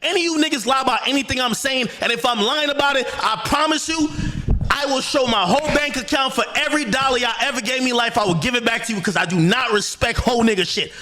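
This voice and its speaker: A man's voice: very high voice, fast talker. A man telling a story in a heated rant, swearing, repeating himself and quoting others. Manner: swears a lot, repeats himself, grows loud and shouting.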